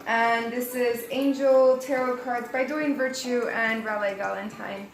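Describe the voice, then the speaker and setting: A chatty young woman with a fairly high voice talks her way through a tarot reading, rambling and light. The room is echoey, and music plays clearly behind her. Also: fairly even intonation, measured pace. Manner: chatty and rambling, laughs at herself. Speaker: tarot reader. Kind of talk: casual spoken tarot reading.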